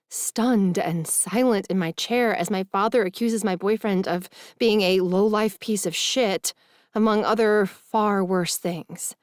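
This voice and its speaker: A woman narrating a first-person romance audiobook in an expressive, emotional reading. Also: medium pitch, dry recording, clean studio sound.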